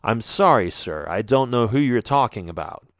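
A man's voice: mid-range voice, animated, moderate pace, no echo, studio quality, lightly acted. A man voicing a young police officer who speaks in a stern, formal way.

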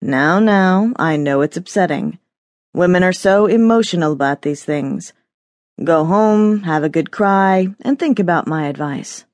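A woman's voice: lowish voice, unhurried, a little mellow, dry recording, close to an everyday voice. A woman voicing an arrogant male thesis professor who talks down to his student in a patronizing, dismissive way.

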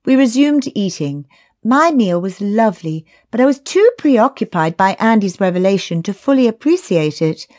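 A woman's voice: medium pitch, big pitch swings, moderate pace, a little mellow. A woman reads a first-person romance with a wry, chatty storytelling manner. Her voice sits at an ordinary middle height and is captured dry and close, with no echo at all. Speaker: audiobook narrator. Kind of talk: first-person audiobook narration.

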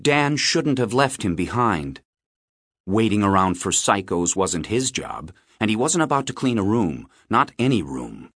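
A very deep male voice carries this audiobook narration, unhurried and lively in its rise and fall. It is recorded close and bone-dry, with measured, expressive storytelling throughout. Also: husky, no room sound. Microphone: close studio mic.

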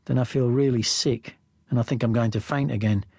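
A male audiobook narrator tells the story in the first person, wry and chatty, at an average pitch. His steady, brisk delivery is creaky, a little mellow and breathy at the edges. The recording is close and dry with no echo.

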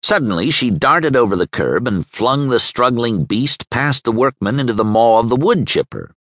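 Male audiobook narrator, wry, expressive; dry studio sound. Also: medium pitch, moderate pace, no room sound. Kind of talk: scripted narration.

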